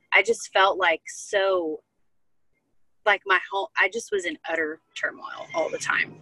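In casual conversation as a guest, this young woman earnestly shares her testimony, her heartfelt telling full of fillers. Her lowish voice is sharp with a breathy edge, and the rough recording has no room sound.

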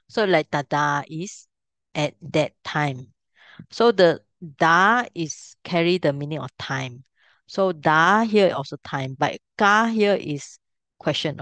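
A woman's voice: sits low, fairly bright tone, dry recording. A middle-aged woman teaching a language class, patiently explaining step by step and checking if students can follow.

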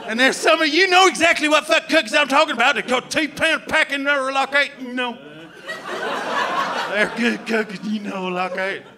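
A man from Canada doing live stand-up comedy, shouting and slipping into silly put-on voices and accents. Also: extremely high pitch, normal speed, a crowd in the background.

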